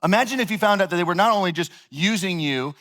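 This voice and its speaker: Male pastor with a somewhat high voice, loose and chatty, storytelling sermon. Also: fast. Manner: animated, conversational, heavy use of "like".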